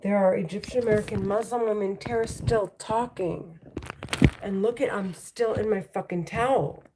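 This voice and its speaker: A woman talking to the camera at home, halting and repetitive, often restarting her sentences. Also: medium pitch, steady tone, background noise. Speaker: vlogger.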